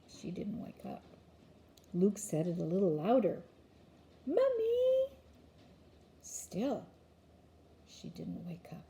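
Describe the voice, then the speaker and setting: An older woman, a grandmother, gently reading a picture book aloud to a child with chatty asides. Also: fairly low pitch, vocal fry.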